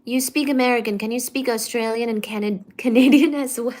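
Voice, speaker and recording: A woman hosting a casual live stream, reading viewer comments aloud and teasing back in a careful, clearly articulated way. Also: on the high side, brisk, darkish tone. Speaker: livestream host.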